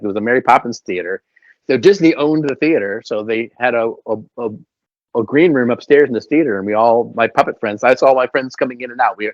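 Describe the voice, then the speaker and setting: A man with a mid-range voice, recorded dry and slightly dull with no room sound, is a puppeteer and voice actor. He appears as an interview guest, chatting animatedly and sprinkling his casual storytelling with fillers.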